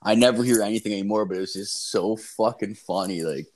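A man's voice: fairly low pitch, fast talker, darkish tone. A man in his thirties, a podcast co-host telling a profane, rambling story in casual chat.

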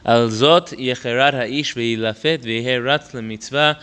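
This Torah teacher takes his students through a religious text line by line in an unhurried, smooth and slightly bright voice. He often restarts phrases and stresses key points by getting higher and louder.

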